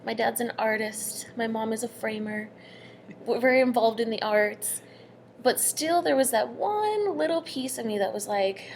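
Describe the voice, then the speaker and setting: A young adult woman casually telling a personal story, earnest, sometimes dropping to a hushed near-whisper. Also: a little high, moderate pace, a little hiss or hum.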